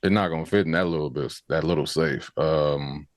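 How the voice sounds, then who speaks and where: Very deep-voiced man, laid-back chat. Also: brisk, no room sound, studio quality. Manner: relaxed, loose slang, fillers like "you know what I mean". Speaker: podcast co-host. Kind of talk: casual review chat.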